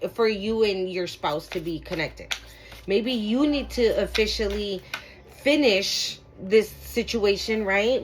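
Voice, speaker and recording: A woman reading tarot cards for her viewers in a loose, chatty way. She hammers her points home, repeats lines for emphasis and swears freely. Her voice sits at a medium pitch. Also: slight background noise, poor audio. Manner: emphatic, repetitive, profane, addresses viewers directly. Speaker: tarot reader. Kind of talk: casual spiritual card reading.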